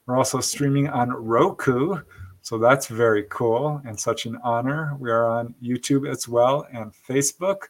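Male talk show host, friendly, chatty, live radio feel, mid pitch. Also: fairly even intonation, a little slow. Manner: friendly, chatty, reads station info from notes.

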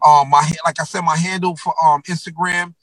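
A man's voice: a little high, fairly even intonation, brisk, a bit bright, dry recording, poor audio. A man from New York telling stories as a guest rapper in a casual interview, slangy and profane with many fillers.

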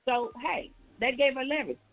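A woman holds forth as a call-in radio host, folksy and chatty, calling her listeners y'all. Her voice is breathy and a little husky. It comes through a thin, tinny line that sounds like a phone call. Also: high-pitched, big pitch swings, brisk, faint music behind. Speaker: radio talk show host. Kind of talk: casual call-in radio commentary.

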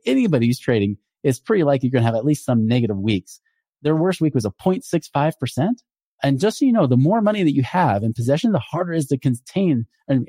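A man's voice: mid-range voice, warm tone, slightly rough, dry recording, clean studio sound. A man hosting a finance show, explaining investment red flags in a casual, emphatic way and acting out the people he quotes. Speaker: podcast host and financial advisor.

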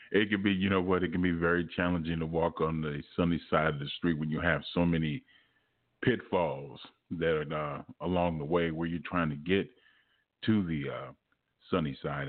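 A man's voice: a bass voice, fairly even intonation, moderate pace, long pauses, no room sound. A male radio host interviewing a guest, laughing often and using easy radio patter. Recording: tinny phone-like line.

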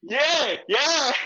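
Scottish man, casual live-stream banter, high pitched, slow talker. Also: lo-fi sound. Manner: laughing, swearing, loud. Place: home room.

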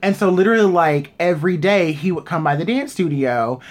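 A woman's voice: fairly low pitch, lively intonation, a little fast. A woman who teaches dance, telling a story in a casual chat with many "like"s.

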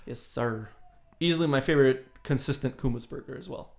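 A man's voice: medium pitch, fairly quick, vocal fry, a little mellow. A man co-hosting a casual podcast, quizzing his co-host on bands with playful, profane teasing. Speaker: podcast co-host running a band quiz.

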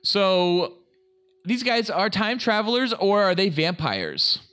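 A man's voice: high-pitched, sing-song, takes it slowly, pushed and bright, clean tone. A young man co-hosting a casual podcast, steering the topics with crude, joking talk. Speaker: podcast co-host.

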